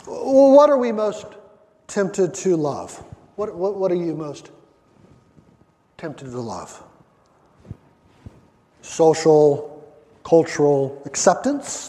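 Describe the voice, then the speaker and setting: A man's voice: on the high side, a little mellow. A man preaching a sermon, emphatic, drawing out his phrases and often repeating words as he builds a point. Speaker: pastor. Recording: long hall reverb.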